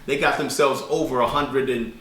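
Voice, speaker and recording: A man teaching an informal spoken lesson as a business credit instructor, talking fast and colloquially, rambling with restarts. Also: medium pitch, fairly even intonation, fairly bright tone, slight background noise. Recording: echoey room, distant mic.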